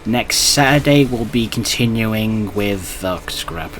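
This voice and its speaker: Low-voiced male streamer, casual. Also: slow, fairly bright tone, slight background noise. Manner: chatty, commenting on the game while announcing his schedule. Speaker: streamer hosting a multiplayer game session. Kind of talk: casual gaming chat.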